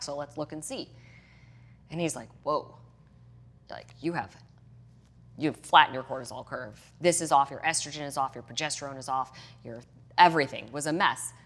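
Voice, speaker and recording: A woman's voice: deep voice, fairly quick, fairly bright tone. A middle-aged woman, a fitness and hormone health coach, chatting as a podcast guest and animatedly acting out her own past reactions. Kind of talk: casual podcast interview.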